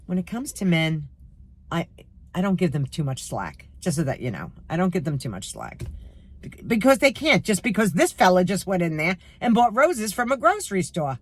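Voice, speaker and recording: A woman's voice: fairly low pitch, sing-song, moderate pace. Chatty New York woman with a cold. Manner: opinionated, chatty, talks to viewers as friends. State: stuffy with a cold. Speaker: vlogger. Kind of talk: casual chatty vlog.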